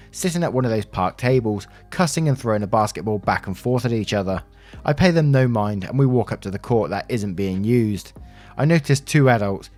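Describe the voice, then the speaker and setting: A man reading a first-person story aloud in a steady, earnest narrating manner. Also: fairly low pitch. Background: faint music.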